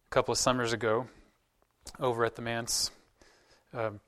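A man's voice: medium pitch, flat delivery, moderate pace, a bit bright. A male pastor giving a sermon in a conversational, earnest way, often putting questions to the congregation.

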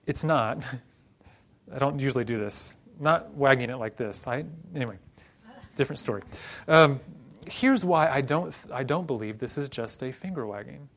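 A man preaching a sermon in a relaxed, conversational voice of middle pitch. He is from Oklahoma and teaches patiently, dropping light joking asides as he explains. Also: moderate pace.

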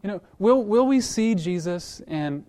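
A male pastor preaching a sermon in a conversational way, telling a story with lively acted-out voices and repeating words as he restarts, then praying. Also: high voice, a little slow. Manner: animated storytelling, acts out quoted voices.

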